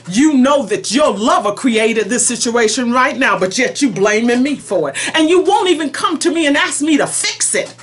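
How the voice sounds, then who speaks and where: With a fairly high pitch, this woman preacher delivers prophecy as though God is speaking, alternating gentle and forceful tones in an emphatic, pleading way.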